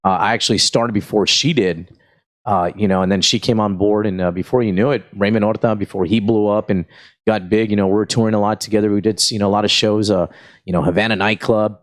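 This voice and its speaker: A middle-aged man from South Texas, a comedian guest chatting casually and telling animated stories, full of fillers and acted-out voices. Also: fairly low pitch, fast. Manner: animated storyteller, acts out voices, frequent fillers. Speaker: stand-up comedian, podcast guest. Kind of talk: casual storytelling chat.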